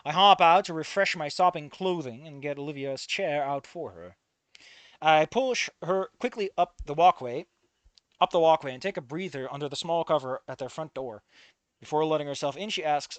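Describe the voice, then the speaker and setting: Man reading a fan story, crisp close voice. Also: fairly high pitch, moderate pace, no room sound. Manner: casual, wry narration with swearing. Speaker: story reader.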